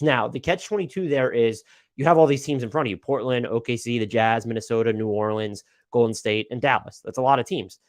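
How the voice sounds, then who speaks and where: A man's voice: medium pitch, no echo, clean studio sound. A man hosting a live basketball talk stream, casual and rambling, swearing and stammering with lots of fillers. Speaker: NBA podcast host.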